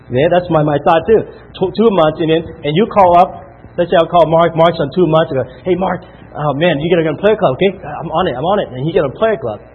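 A man giving a motivational talk at a sales meeting, counting out loud and peppering the room with questions. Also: fairly high pitch, slightly rough. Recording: tinny phone-like audio.

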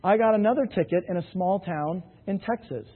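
With a husky voice that sits high and moves fairly quickly, a man delivers an anecdotal sales talk to a live hall crowd. He jokes like a storyteller and keeps asking "right?". The recording is tinny and phone-like, carrying long hall reverb.

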